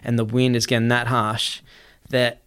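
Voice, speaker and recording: A man's voice: mid-range voice, little pitch movement, fairly bright tone, clean tone. A man telling a wild story in casual chat, swearing often and running his sentences together. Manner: swears freely, quick run-on telling. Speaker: guest.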